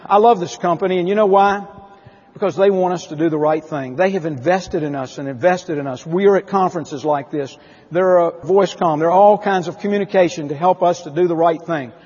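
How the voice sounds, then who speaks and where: A man with a husky, rather high voice delivers an emphatic keynote talk at a conference. The recording is dull and lo-fi, with a long reverb from a large hall. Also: brisk, darkish tone. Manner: emphatic storytelling, asks the audience questions. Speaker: motivational speaker at a company conference.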